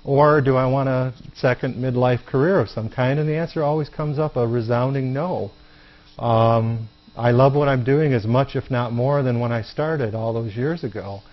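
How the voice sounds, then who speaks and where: A man's voice: medium pitch, moderate pace, lo-fi sound. A middle-aged American man from Michigan, a singer guesting on a studio show, easygoing and humorous as he tells his story. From Michigan, USA. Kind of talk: studio interview. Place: TV studio table.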